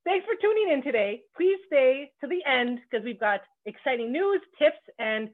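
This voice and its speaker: Upbeat woman podcast host from Canada, fairly high voice, loose and joking, cheerfully profane, tinny narrow line. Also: expressive, normal speed. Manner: bubbly, joking, swears freely. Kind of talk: casual podcast chat. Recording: phone-like narrow band.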